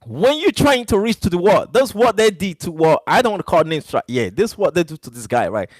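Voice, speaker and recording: A male stream host with a high voice talks briskly and with big pitch swings, the recording dry. Not a native English speaker, he speaks straight to his chat, hammering points through repetition.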